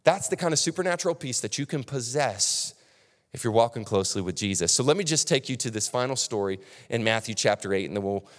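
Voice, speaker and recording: A man in his thirties preaching a sermon as pastor, animated and acting out quotes, with frequent restarts. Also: medium pitch. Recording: long hall reverb.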